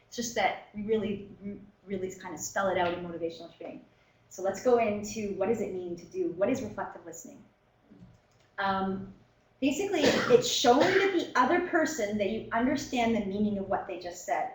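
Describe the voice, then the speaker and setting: A woman teaching a professional workshop in a relaxed, conversational way, with many fillers and short acted-out exchanges. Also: medium pitch, roomy sound, rough recording. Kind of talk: lecture to a professional audience. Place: meeting room.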